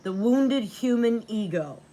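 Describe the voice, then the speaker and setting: A woman's voice: on the high side, animated, takes it slowly, mellow. A woman giving a tarot reading to camera, blunt and profane, repeating lines for emphasis. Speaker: tarot reader.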